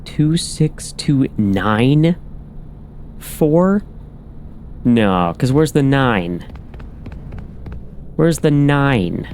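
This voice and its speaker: A man's voice: medium pitch, lively intonation, drawn-out words, a little mellow, slight background noise. A man hosting a horror game playthrough, muttering to himself as he works through codes and making wry asides. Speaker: gaming channel host. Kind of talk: let's play commentary.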